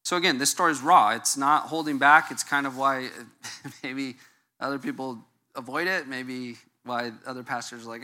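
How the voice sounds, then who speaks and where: Here a middle-aged pastor preaches conversationally in a fairly high, pushed, bright voice at normal speed. Joking and easygoing, he keeps turning to the audience to check in.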